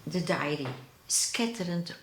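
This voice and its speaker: An older woman speaks English slowly and haltingly, pausing to search for words. Her voice sits a little low. A faint background hiss runs under the interview. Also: expressive. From Austria. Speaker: eyewitness interviewee. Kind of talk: documentary interview recollection.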